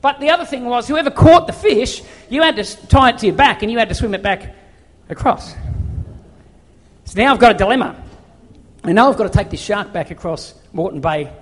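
A high-pitched man delivers a storytelling sermon with animated, self-deprecating energy. His voice carries a long reverb from a large hall. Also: fairly quick. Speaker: preacher.

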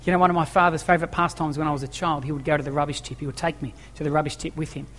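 In a church hall awash with long reverb, a pastor fires off his sermon rapidly, his slightly high voice steady and fairly bright. Emphatic throughout, he repeats important phrases and asks his congregation rhetorical questions.

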